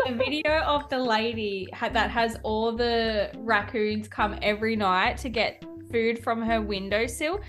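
A bright, forceful woman co-host talking in an excitable, giggly way. Her voice is fairly high, and faint music runs underneath. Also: a little slow, few pauses. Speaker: podcast co-host. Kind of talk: casual chat.

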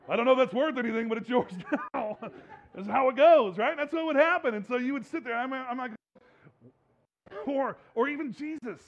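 A man's voice: extremely high pitch, normal speed, long pauses. A man preaching a sermon as a pastor, in a conversational, humorous way, laughing often. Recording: dull lo-fi recording.

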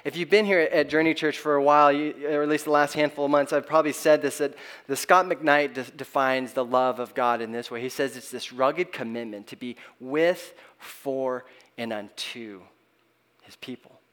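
A middle-aged pastor preaches a sermon at a middle pitch with fairly even intonation and a clean tone. His delivery is earnest and halting, with frequent restarts and line endings that fall away softly.

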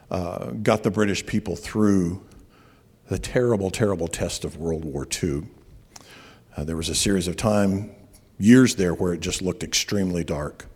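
A man preaching a sermon, telling stories and slowing down on key words for emphasis. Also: deep voice, warm tone, slightly rough. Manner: storytelling preacher, slows for emphasis. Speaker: pastor. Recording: long reverb of a large hall.

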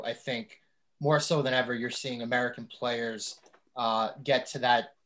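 A man's voice: medium pitch, a bit bright. A man hosting a podcast, wrapping up an interview with an easygoing, filler-heavy manner. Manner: easygoing, many fillers and thanks. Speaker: podcast host. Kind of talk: casual interview chat.

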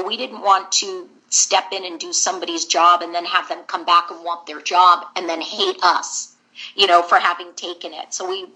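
A woman's voice: on the low side, bright, forceful tone, poor audio. A woman voice actor, a guest in an interview, telling candid, rambling stories about her career.

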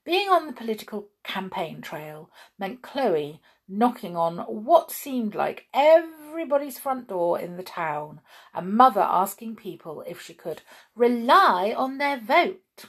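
A woman reads a storybook aloud at an unhurried pace. Her pitch rises and falls expressively, and she drops in chatty asides to her listeners between passages. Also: big pitch swings, breathy edge. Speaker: storyteller reading a book aloud.

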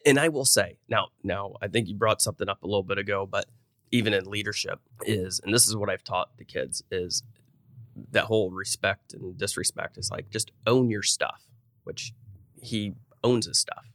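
Middle-aged guy, lowish voice, rambles earnestly, keeps restarting sentences. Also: fairly even intonation, normal speed, fairly bright tone, no echo. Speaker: guest, business owner. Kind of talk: casual conversational interview.

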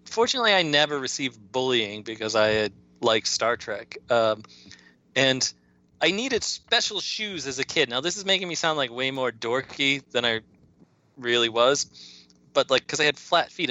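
A man's voice: medium pitch, sharp tone, lo-fi sound. A man in his fifties, co-hosting a podcast, telling childhood stories in casual chat and laughing often. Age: 50s. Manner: chatty storyteller, laughs often. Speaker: podcast co-host.

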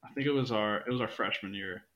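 A man's voice: lowish voice, fast talker, dull audio, background noise. A young man guesting on a casual podcast, a rambling storyteller who swears a lot.

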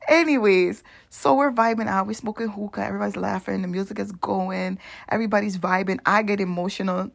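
A young woman vlogger telling a story in a chatty, animated way, full of asides and laughter. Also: medium pitch, fast, vocal fry, hardly any pauses. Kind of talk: casual storytelling.

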